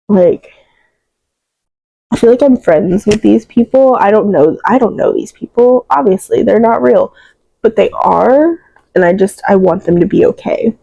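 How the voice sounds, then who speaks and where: A woman's voice: medium pitch, gravelly, mellow, dry recording, dull audio. A young woman chatting about books she read, emotional and rambling, full of fillers, close to tears. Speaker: book reviewer. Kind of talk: casual book wrap-up chat.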